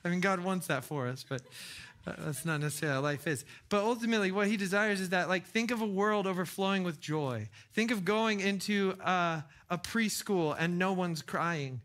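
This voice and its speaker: Guy giving a laid-back sermon, slightly high voice, upbeat, keeps restarting sentences. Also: normal speed, a bit bright. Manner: chatty, enthusiastic, with frequent restarts and laughs. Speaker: pastor. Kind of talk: casual sermon.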